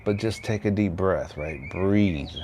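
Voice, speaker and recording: A man's voice: sits low, unhurried, noisy background. An older man from Texas, hosting a casual livestream chat in a rambling, laid-back way that keeps tagging on "right?", outdoors near his house. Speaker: livestream host.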